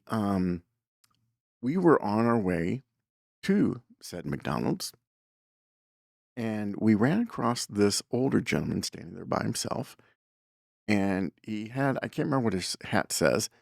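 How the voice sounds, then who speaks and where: A man's voice: lowish voice, very animated, a little slow, vocal fry, pauses often, darkish tone, no echo, clean studio sound. A man hosting a show, telling a story in a casual, rambling way, with lots of fillers and self-corrections. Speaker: podcast host.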